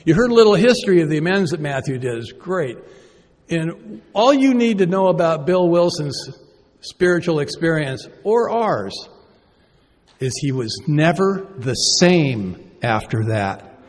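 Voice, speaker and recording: A man's voice: fairly high pitch, big pitch swings, unhurried, darkish tone. Self-deprecating man speaking in a hall. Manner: conversational, self-deprecating, asks the audience rhetorical questions. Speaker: recovery meeting speaker. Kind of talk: personal recovery talk. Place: conference hall. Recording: reverberant hall.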